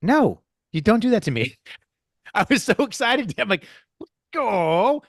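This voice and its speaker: A man co-hosting a casual podcast, reading race results in a playful, excitable way and tripping over names. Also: sits high, normal speed, no echo, studio quality. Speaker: podcast co-host.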